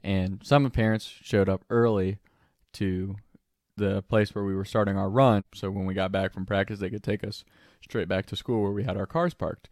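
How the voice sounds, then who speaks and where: A man's voice: on the low side, fairly even intonation, normal speed, a little mellow, no room sound, clean studio sound. A young man casually telling a funny story, laughing often and swearing freely.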